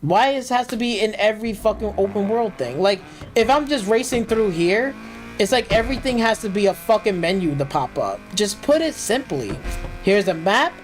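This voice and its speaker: A gaming streamer with a high-pitched, animated male voice delivers live gameplay commentary at a normal speed over faint background music on a rough recording. He rants, complains, and swears constantly, his loose speech packed with fillers and restarts.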